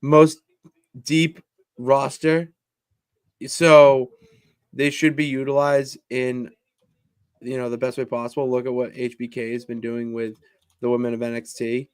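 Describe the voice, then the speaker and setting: A man's voice: medium pitch, little pitch movement, moderate pace, clear, resonant tone, no echo. A man co-hosting a casual wrestling podcast, easygoing and laid-back as he gives his takes. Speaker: podcast co-host.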